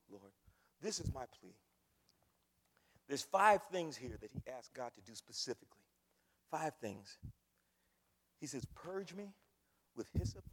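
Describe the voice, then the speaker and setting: A man preaching a sermon, swinging between hushed pleading and loud cries. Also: on the high side, slightly rough. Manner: impassioned, swings from hushed to shouting. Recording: long hall reverb.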